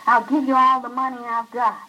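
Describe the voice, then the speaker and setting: A woman's voice: fairly high pitch, flat delivery, fairly quick, sharp tone, lo-fi sound, voice pushed up. A woman voicing a frightened old grandmother, pleading in a raised, breathless voice.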